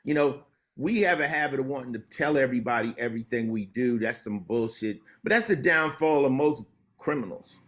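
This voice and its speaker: A man as an interview guest, telling stories in a laid-back way and dropping low and slow when he turns serious. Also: fairly bright tone. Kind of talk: casual conversation.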